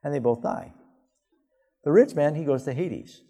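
A male pastor preaching a sermon, telling the story emphatically and with sudden rises in pitch. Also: big pitch swings, normal speed, creaky, mellow, husky. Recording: long hall reverb.

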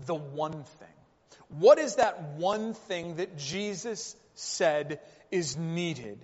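Slow, high-voiced male preacher in a reverberant hall. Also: lively intonation. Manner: rhetorical questions and repeated phrases. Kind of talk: sermon. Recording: reverberant hall, dull lo-fi sound.

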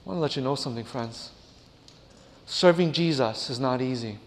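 A male preacher telling a story in a sermon, dramatic, often dropping his voice to a hush for effect. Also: medium pitch, moderate pace, in a large hall, a little hiss or hum. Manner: dramatic, drops to a hush, addresses listeners as "friends".

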